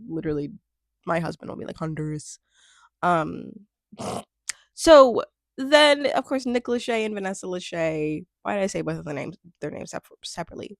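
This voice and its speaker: Chatty young woman, lively sarcastic recap. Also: mid-range voice, creaky, dry recording, clean studio sound. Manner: chatty, laughs a lot, trails off and restarts, sarcastic asides. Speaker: show recap host. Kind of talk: casual chat.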